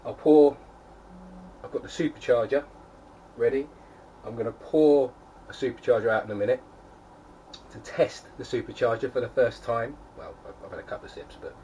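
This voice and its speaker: Standing by his keg setup at home, a young homebrewing vlogger chats casually to camera in a mellow, mid-range voice. He rambles, full of fillers and restarts, and the distant mic picks up faint background noise.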